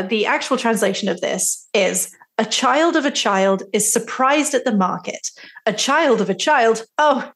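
A woman co-hosting a podcast, chatting casually and breaking into laughter again and again. Her voice has a gravelly, fry-tinged edge at an ordinary middle pitch. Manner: giggly, laughs often between lines. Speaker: podcast co-host. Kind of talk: casual chat.

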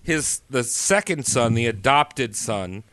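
A man's voice: mid-range voice, lively intonation, slow, a bit bright, no echo. A man casually recounting a history story to friends on a podcast, joking and full of fillers. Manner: loose, joking, many fillers and restarts.

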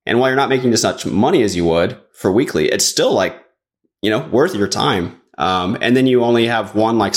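A man chatting casually as a podcast guest, rambling along with lots of "like" fillers. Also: lowish voice. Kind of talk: casual chat.

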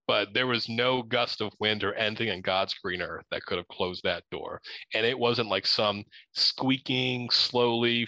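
Young man from Ohio, animated storyteller, bright tone, dry sound. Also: lowish voice, dry recording, dull audio. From Ohio, USA. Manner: animated, laughing, acts out his own lines.

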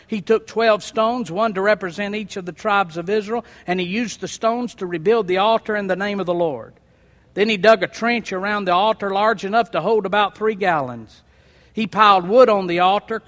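A man preaching a sermon, reading scripture aloud and breaking in with lively asides. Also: high voice. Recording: long hall reverb.

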